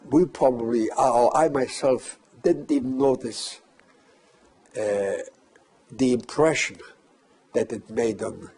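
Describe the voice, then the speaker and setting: An older man recounting a personal memory as testimony, measured and halting with pauses. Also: mid-range voice, dark tone, husky. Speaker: survivor giving testimony.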